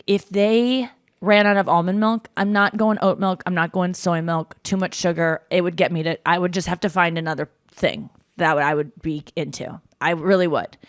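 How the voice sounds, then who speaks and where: A woman's voice: fairly low pitch, fairly even intonation, moderate pace, no room sound, studio quality. A woman hosting a podcast, chatting casually and rambling in a self-mocking way. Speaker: podcast host. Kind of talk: casual chat.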